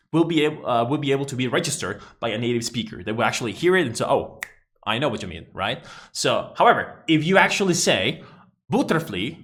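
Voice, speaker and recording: A man with a Mexican Spanish accent gives a casual video lesson, speaking English as a second language. His voice sits mid-range, and he stresses his points emphatically, talking straight to the camera. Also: mid-range voice. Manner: emphatic, animated explaining to the camera. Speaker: English teacher.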